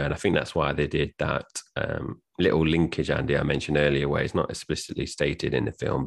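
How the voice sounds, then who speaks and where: A man's voice: a bass voice, gravelly. A man co-hosting a casual film review podcast, reading out film quotes plainly without putting on voices. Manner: says he can't do accents, reads quotes plainly. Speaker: podcast co-host.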